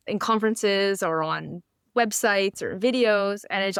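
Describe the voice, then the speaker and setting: Animated Canadian woman co-host. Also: mid-range voice, unhurried, smooth, no room sound, clean studio sound. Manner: animated storyteller, acts out quoted voices. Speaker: guest co-host. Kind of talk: casual podcast chat.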